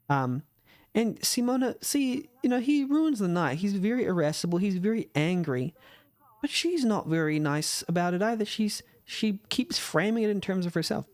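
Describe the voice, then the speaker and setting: Man, let's play commentary, higher-pitched, giggly, dry close sound. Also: lively intonation, moderate pace, a little mellow, dry recording. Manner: chatty, giggly, restarts a lot, wry asides. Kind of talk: casual game commentary, reading dialogue aloud.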